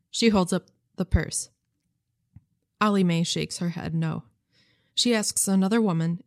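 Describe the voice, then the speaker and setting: A woman reading a novel aloud for radio in a measured, gentle storytelling manner. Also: lowish voice, creaky, no room sound, clean studio sound. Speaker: narrator.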